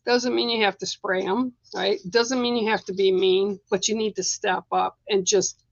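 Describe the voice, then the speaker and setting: A middle-aged woman doing a casual live-stream card reading, talking in a chatty, rambling way full of fillers and restarts. Her voice sits at an ordinary middle pitch. The sound is dry and a little dull, like a lo-fi home stream. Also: steady tone, moderate pace, vocal fry, no echo. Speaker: spiritual card reader.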